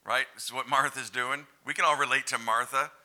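A male pastor giving an animated, conversational sermon and asking the congregation direct questions. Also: mid-range voice, fairly quick.

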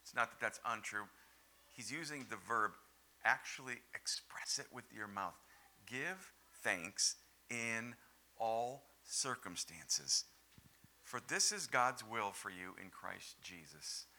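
A man preaching a sermon at an unhurried, deliberate pace. His voice has a very bright, cutting edge. He hits key words hard, then sinks into quiet, intimate lines. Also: animated. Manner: emphatic, swinging from loud stresses to hushed, low lines. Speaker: pastor.

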